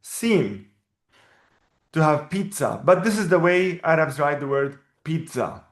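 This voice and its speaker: Male teacher, slightly high voice, patient and explanatory; echoey room. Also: animated. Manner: patient, explanatory, repeats words slowly. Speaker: Arabic teacher. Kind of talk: one-on-one language lesson.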